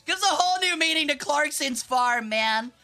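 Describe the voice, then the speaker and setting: A young woman from Memphis chatting casually on a live stream while gaming, animated and quick to swear, laugh and shriek. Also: sits high, faint music behind. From Memphis, US South. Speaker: vtuber streamer.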